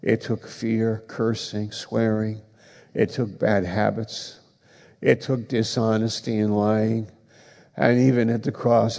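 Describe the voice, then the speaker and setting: Man preaching, gravelly voice, slow deliberate delivery, long hall reverb. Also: lowish voice. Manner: slow, emphatic preaching, rising to forceful accusation. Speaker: pastor. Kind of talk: sermon.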